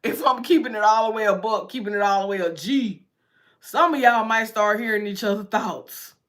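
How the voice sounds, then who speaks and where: A woman's voice: medium pitch, normal speed, fairly bright tone. A woman giving a casual tarot reading, chatty and repetitive, often breaking into laughs. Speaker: tarot reader.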